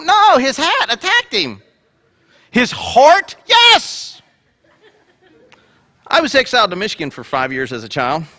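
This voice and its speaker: A male pastor preaching a sermon in a playful, joking way. His voice sits high and bright. His pitch jumps around a lot as he tells the story.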